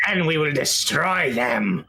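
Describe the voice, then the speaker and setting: Man, tabletop player, bright, sharp, lively, playful mock-naive banter. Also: a little high, slow, slightly rough.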